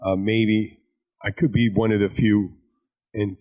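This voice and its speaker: A man's voice: lowish voice, level tone, measured pace, mellow. Bartender guy hosting a podcast, rambly, crude jokes, lots of restarts. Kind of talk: casual chat.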